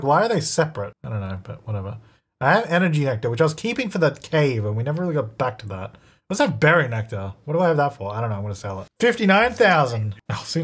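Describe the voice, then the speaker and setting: A man giving casual let's-play commentary, chatty and narrating his own moves, laughing often. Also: fairly high pitch. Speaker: gaming video creator.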